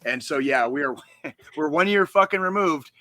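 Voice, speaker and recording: A man's voice: a little high, lively intonation, normal speed, pushed and bright. A man from the United States co-hosting a gaming podcast, ranting heatedly and swearing constantly in casual chat. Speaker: podcast co-host.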